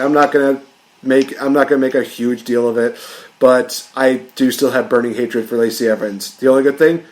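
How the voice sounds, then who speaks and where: A man's voice: mid-range voice, low-quality recording. A man hosting a podcast, ranting in a casual, jokey way. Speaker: podcast host.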